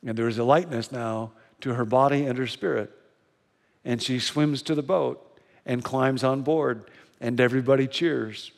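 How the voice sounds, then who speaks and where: A male pastor preaching a sermon in a church, telling a story with earnest, slow and emphatic repetition. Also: medium pitch, steady tone, creaky, in a large hall. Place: church sanctuary.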